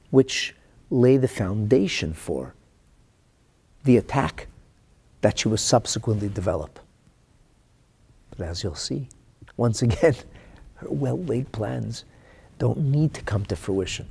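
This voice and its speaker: A male Talmud teacher with a raspy, gravelly voice. His pitch leaps around expressively as he teaches. He jumps from loud, dramatic exclamations down to near-whispers. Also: lively intonation, unhurried, long pauses. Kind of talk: animated Talmud class.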